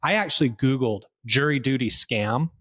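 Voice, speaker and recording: A man co-hosting a casual podcast, telling stories in an animated way and acting out the voices of the people he talks to. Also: medium pitch, moderate pace. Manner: animated storyteller, acts out phone callers. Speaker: podcast co-host. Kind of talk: casual conversational podcast chat.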